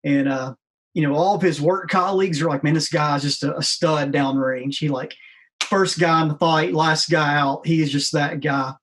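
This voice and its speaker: A man talking as a podcast guest in a relaxed, laid-back way, full of casual fillers. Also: on the high side, normal speed. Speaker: guest, founder of a veterans' nonprofit.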